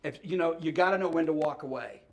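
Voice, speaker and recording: A man telling comic stories as a talk show guest, animated, stumbling over restarts and laughing through punchlines. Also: a little high, quick pace. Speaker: comedian and guest. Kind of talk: storytelling chat.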